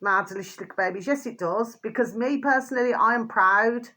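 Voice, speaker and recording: A woman's voice: a little high, brisk, sharp tone. A middle-aged woman from Birmingham with a Birmingham accent and a hint of Yorkshire, rambling casually to camera as a vlogger and repeating her pet phrases. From Birmingham, England.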